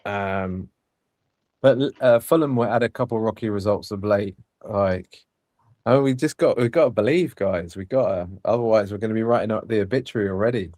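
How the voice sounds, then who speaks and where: A man chatting on a football podcast in a relaxed, hedging way. His voice sits fairly low and sounds dry and close to the mic, with no room around it. He sounds hopeful rather than forceful. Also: normal speed, no room sound. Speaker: podcast co-host. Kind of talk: casual football podcast chat.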